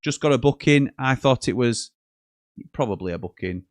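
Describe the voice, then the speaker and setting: A man's voice: mid-range voice, lively intonation, moderate pace, no room sound. A man hosting a live football watchalong, chatting casually, joking and reading out viewer messages. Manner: chatty, jokey, reads out messages and chuckles often.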